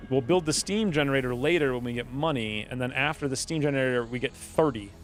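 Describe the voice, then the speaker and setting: A man's voice: medium pitch, fast, faint music behind. A man streaming a strategy game, thinking aloud in a rambling, playful way as casual gaming commentary.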